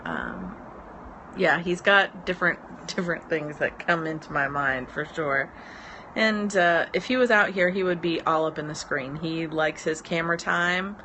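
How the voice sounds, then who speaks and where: A woman's voice: sits low, fairly bright tone, rough recording. A woman in her thirties, a business mentor, chatting casually on a live stream from her porch, rambling with lots of ums and easy laughs. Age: 30s. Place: outdoor porch. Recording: outdoor porch with road noise. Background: road noise.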